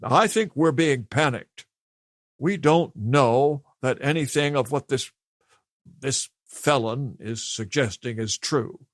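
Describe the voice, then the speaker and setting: A man's voice: medium pitch, slow, no room sound, pitched above the performer's own voice, close to an everyday voice. Guy reading as a blustering older governor, weighty and indignant, raised voice, dry sound. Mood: pompous indignant. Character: pompous blustering male state governor, older.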